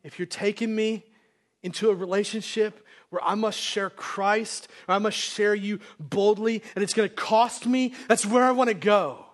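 A man's voice: high voice, moderate pace. A male pastor preaching a sermon to his congregation in a casual, conversational way, acting out quotes as he goes. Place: church sanctuary, live congregation.

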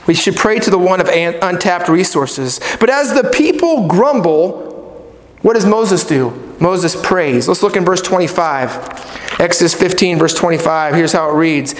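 High-voiced man preaching in a hall. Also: a little slow. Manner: animated, acts out people and God in quoted voices. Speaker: pastor. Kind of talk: sermon. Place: church sanctuary. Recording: echoey hall with long reverb.

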